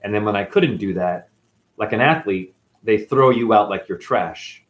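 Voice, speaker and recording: A man's voice: lowish voice, moderate pace. A man from New England as a spiritual teacher, rambling through a profane monologue that swings between mutters and outbursts. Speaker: spiritual teacher, former dancer.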